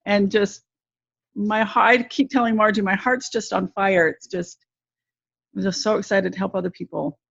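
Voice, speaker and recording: A woman with a gravelly voice speaks earnestly in a casual group chat, pausing and restarting as she searches for words. The audio is dull and lo-fi. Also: mid-range voice, fairly even intonation. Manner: earnest, halting. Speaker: coach sharing takeaways.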